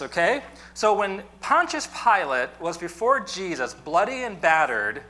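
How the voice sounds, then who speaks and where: Guy teaching a class, bright voice, joking around and asking the room stuff. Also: high-pitched. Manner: conversational, joking, asks the class questions. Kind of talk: classroom lecture.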